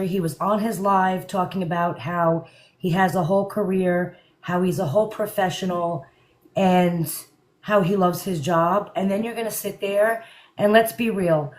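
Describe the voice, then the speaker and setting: A woman's voice: medium pitch, low-quality recording. A woman hosting a live stream, chatting casually and speaking her mind. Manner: outspoken, chatty.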